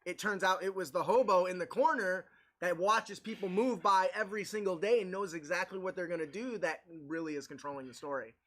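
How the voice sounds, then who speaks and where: A man's voice: high voice, brisk, a bit bright. A man hosting a casual panel discussion, upbeat and steering the talk toward the others. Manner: upbeat, guides the talk, asks others to weigh in. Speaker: podcast host leading the segments.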